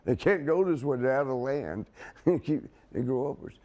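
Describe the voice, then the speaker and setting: A man's voice: medium pitch, animated, moderate pace, dark tone. A man telling a rambling story as a guest in a casual chat, laughing as he goes. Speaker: wrestling guest.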